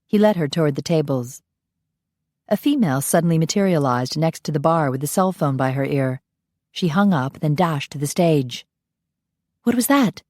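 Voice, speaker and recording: A woman narrating a paranormal romance audiobook in an even, measured storytelling voice. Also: low voice, no echo, studio quality. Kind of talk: scripted narration.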